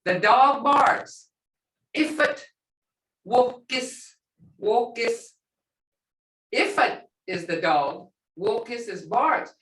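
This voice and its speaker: A woman teaching a language class, animated, acting out reactions and laughing often. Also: fairly high pitch, very slow, pauses often. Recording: roomy classroom sound from far off.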